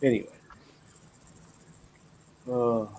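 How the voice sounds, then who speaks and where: A man's voice: medium pitch, fairly even intonation, very slow, creaky, dark tone. A man hosting a casual livestream chat, thanking viewers and making wry jokes. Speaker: host. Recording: noisy background.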